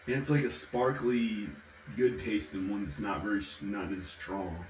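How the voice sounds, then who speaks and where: A man's voice: fairly low pitch, fairly even intonation, normal speed, echoey room, a little hiss or hum, low-quality recording. A man from the American South, vlogging casually while drinking, rambling and giggling from one topic to the next.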